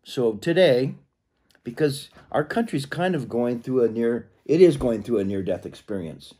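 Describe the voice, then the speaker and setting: A man talking casually to camera in a rambling way, clearing a frog from his throat. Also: medium pitch, lively intonation, normal speed, mellow. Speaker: vlogger.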